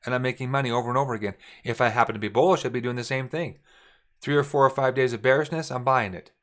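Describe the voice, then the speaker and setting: Speaking fast in a mid-range voice, a middle-aged man runs a screen-share trading lesson. He's casual and repetitive, marking up charts as he explains.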